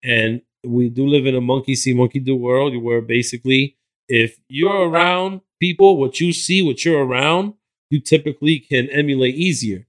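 A man from New Jersey, a hip hop artist guest on a podcast, speaks earnestly about positive thinking. He swears casually while staying motivational. His voice sits at an ordinary male pitch. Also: normal speed. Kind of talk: casual interview chat.

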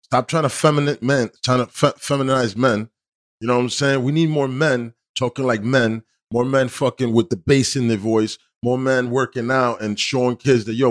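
A man's voice: medium pitch, steady tone, normal speed. A man hosting a podcast in casual chat, talking frankly and profanely and often asking "you know what I'm saying". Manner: frank, preachy when giving advice. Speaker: podcast host.

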